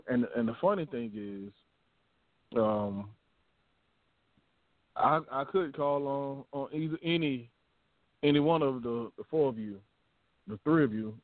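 Chill guy hosting a call show, talks slow, phone-line sound. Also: mid-range voice, no echo. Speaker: host. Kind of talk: casual chat.

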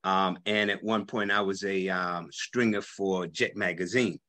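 A man's voice: low-pitched, steady tone, measured pace, sharp tone. A man in his seventies, a guest on a radio interview, telling his story with hesitant fillers. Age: 70s. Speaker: guest, health practitioner.

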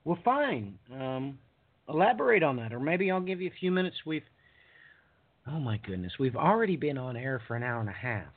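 A man's voice: mid-range voice, very animated, normal speed. A man hosting a casual on-air religious talk show, rambling and chatty as he prompts his guest. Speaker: radio show host. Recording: husky voice over phone-like line.

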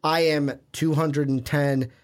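Chatty higher-voiced man hosting a podcast. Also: level tone, slow. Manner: rambling, chatty, self-correcting. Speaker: podcast co-host. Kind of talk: casual sports podcast chat.

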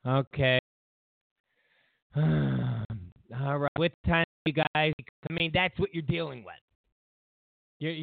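A man's voice: fairly high pitch, vocal fry, no echo, narrow, tinny audio. A man hosting a political commentary show, ranting sarcastically and incredulously, stammering through restarts.

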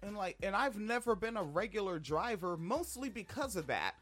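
A podcast co-host tells a story in casual chat, the voice swooping widely up and down. The delivery is animated and full of swearing. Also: mid-range voice, normal speed.

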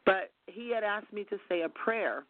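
A woman's voice: mid-range voice, expressive, normal speed, dry recording. Radio guest minister, woman, earnest storyteller, heard over a phone line. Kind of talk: testimony on a call-in radio show. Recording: tinny phone line, dry.

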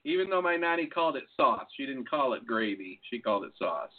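A man co-hosting a casual podcast, talking loose and profane with frequent laughs. His voice sits a little high for a man. It comes through thin and tinny, like a phone line. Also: a little fast, hardly any pauses. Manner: loose, swearing, laughing often. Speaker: podcast co-host. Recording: phone-like lo-fi sound.

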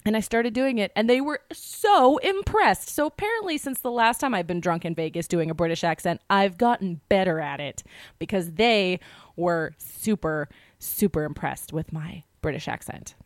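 A woman co-hosting a podcast, telling a story in a quick, animated way and acting out the quotes. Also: lowish voice, no echo, studio quality. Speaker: podcast co-host. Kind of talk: casual storytelling chat.

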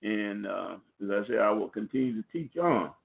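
This pastor's voice is gravelly, on the low side and lively in intonation, at a normal pace, carried over a tinny phone line. Preaching to a conference call, he warns the listeners earnestly, repeating himself and restarting phrases.

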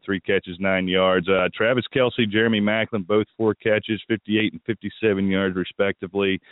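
A low-voiced man hosts a fantasy football radio show. He sounds like he still has his morning voice and gives opinionated, thinking-aloud advice. The recording is dry and tinny, like it came through a phone line. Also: dry recording. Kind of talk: casual sports analysis talk radio.

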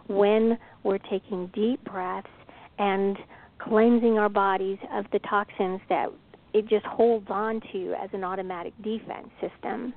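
A woman's voice: medium pitch, fairly even intonation, a little slow. A woman co-hosting a spiritual talk show, encouraging and prompting her co-host. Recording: tinny phone-like line.

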